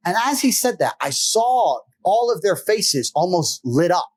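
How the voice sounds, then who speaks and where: A man's voice: high voice, big pitch swings, unhurried. A man talking casually as a podcast guest, brash and profane, boasting and laughing between sentences. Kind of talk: casual storytelling chat.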